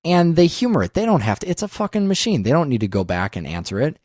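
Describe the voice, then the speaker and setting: A man's voice: on the high side, wildly swooping pitch, fast, darkish tone, dry recording. Man, podcast host, casual film chat, swears a lot, opinionated, dry close sound. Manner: profane, emphatic and opinionated.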